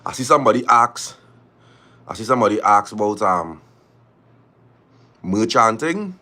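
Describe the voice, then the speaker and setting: A man with a Trinidadian accent chatting casually on a live stream, lively and repeating his phrases as he urges viewers to press like. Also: fairly low pitch, normal speed.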